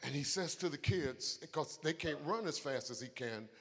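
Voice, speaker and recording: A man preaching a sermon, moving from a quiet story to shouted, crying high points. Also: expressive, moderate pace, slightly rough, in a large hall. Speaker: pastor.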